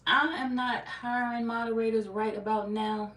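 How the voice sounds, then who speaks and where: A woman, streaming a tarot reading and chatting casually, telling animated stories and cussing freely. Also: a little high, normal speed, far from the mic. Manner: animated storyteller, cussing freely, acting out quotes. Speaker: tarot reader streaming live. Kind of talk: casual livestream chat. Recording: echoey room, off-mic, faint hum.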